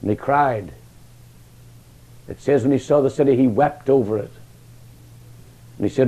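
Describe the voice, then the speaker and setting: A man preaching a sermon, passionate, with emphatic rises and hushed, quiet drops. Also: medium pitch, animated, unhurried, pauses often, breathy edge, muffled recording.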